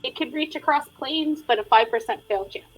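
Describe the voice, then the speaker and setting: Higher-voiced woman playing a tabletop game. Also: moderate pace, poor audio. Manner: describes her character's actions in third person. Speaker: player. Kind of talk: tabletop role-play.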